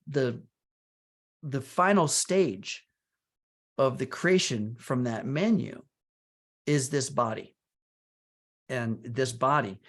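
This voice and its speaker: A man co-hosting a wellness talk, explaining ideas in a halting way and often restarting his words. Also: mid-range voice. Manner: halting, repeats words as he thinks.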